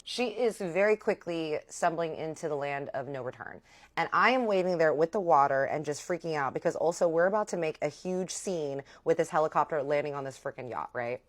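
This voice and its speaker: Brief: a low-pitched young woman vlogger who tells a dramatic storytime and acts out every quote. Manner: animated retelling, acting out quoted dialogue. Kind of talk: storytime vlog.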